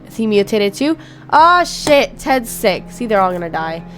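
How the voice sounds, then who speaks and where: A woman's voice: mid-range voice, animated, fairly quick. A woman YouTuber giving chatty, reactive commentary on a game, reading its text aloud and swearing freely. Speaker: gaming YouTuber. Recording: faint game music behind.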